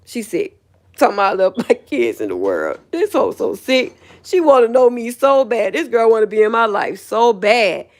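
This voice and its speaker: A woman's voice: a little high, sing-song, moderate pace, a little mellow. A woman livestreaming a heated, profane rant, laughing scornfully as she talks.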